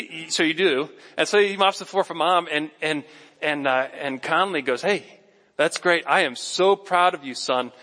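Man preaching in an echoing hall. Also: sits high. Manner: conversational, animated preaching that talks directly to the congregation. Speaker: pastor. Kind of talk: sermon. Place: church sanctuary.

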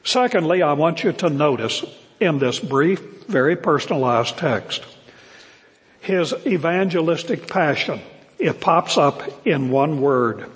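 Older guy preaching in church, kinda high voice for a man, earnest, slows way down on the big words, long echo in the hall. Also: animated. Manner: earnest, emphatic, slows down to stress key words. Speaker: pastor. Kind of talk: sermon. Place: church sanctuary.

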